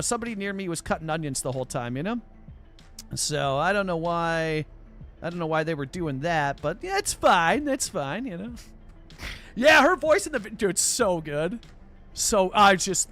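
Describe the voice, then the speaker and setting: A man from Canada chatting on a live stream, excited and rambling, tripping over his words as he goes. His voice sits high for a man, and faint music plays under it. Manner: excited, rambling, with many restarts and fillers. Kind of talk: casual chat with live chat viewers.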